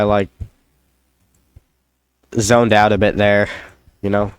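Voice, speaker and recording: A man's voice: lowish voice, flat delivery, takes it slowly, long pauses, smooth, no echo, clean studio sound. A young man chatting in a rambling, self-deprecating vlog, drifting off into jokey asides. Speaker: YouTuber. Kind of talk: rambling solo vlog chat.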